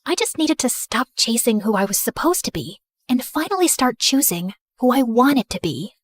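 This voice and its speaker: A woman narrating an animated first-person story in an expressive, animated way. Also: on the high side, moderate pace, husky, no room sound, clean studio sound.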